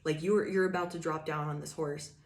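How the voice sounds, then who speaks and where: Low-pitched woman, tarot reader, casual and blunt, cusses freely, rambling filler-heavy delivery. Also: fairly even intonation, fairly quick. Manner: emphatic, swears freely, addresses the viewer directly; loose rambling talk with frequent "like" and "you know". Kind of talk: casual collective tarot reading.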